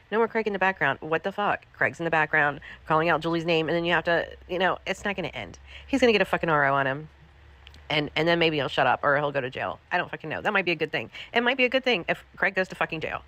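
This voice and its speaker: A woman's voice: on the low side, a bit bright. A woman livestreamer scolding someone in a profane, repetitive, angry rant.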